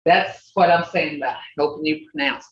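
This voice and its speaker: An older woman teaching an online language class, patiently repeating words slowly for her learners. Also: sits low, recorded from a distance. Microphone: video call. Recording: roomy lo-fi video call audio from off-mic.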